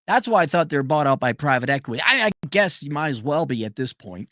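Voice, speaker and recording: A man's voice: fairly high pitch, very animated, quick pace, few pauses, pushed and bright, no echo, clean studio sound. A middle-aged man ranting in a sarcastic, rambling, profane monologue as a podcast host.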